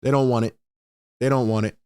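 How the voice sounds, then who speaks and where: A man's voice: medium pitch, steady tone, brisk, a little mellow, smooth, no echo, clean studio sound. A man hosting a live postgame fan show, ranting in frustration and reading out viewers' chat comments. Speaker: sports podcast host.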